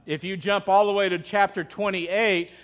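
A man's voice: sits high, fairly even intonation, normal speed, a bit bright. A man preaching a sermon as pastor, in a conversational way, often asking the congregation questions and restarting his phrases.

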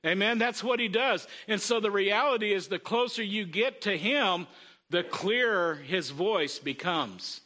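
Pastor, male, middle-aged, high and bright, chatty sermon full of call-outs. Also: measured pace. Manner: conversational preaching with frequent "Amen?" call-outs.

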